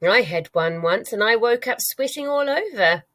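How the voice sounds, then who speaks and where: A woman's voice: a little high, expressive, moderate pace, a bit bright, voice pushed up. A woman voicing a young girl who asks anxious questions. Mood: worried. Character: young girl, curious and worried.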